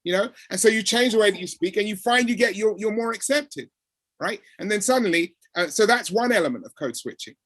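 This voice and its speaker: A man's voice: sits high, brisk, no echo. Guy chatting about work stuff, acts out little exchanges, dry close mic. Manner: animated, acts out quoted exchanges. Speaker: speaker on code switching. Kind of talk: conversational talk.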